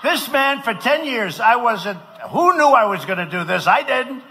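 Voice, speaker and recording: A man from the United States giving a campaign rally speech, shouting and repeating phrases for emphasis. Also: very high voice, animated, normal speed. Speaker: politician addressing a rally. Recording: rally recording with clear background noise.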